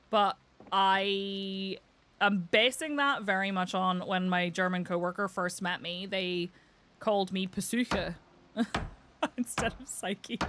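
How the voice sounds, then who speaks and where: A woman's voice: medium pitch, fairly bright tone, a little hiss or hum. A young woman with a Northern Irish accent, chatting casually while streaming a game, laughing often and swearing lightly. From Northern Ireland. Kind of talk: casual live-stream chat while gaming.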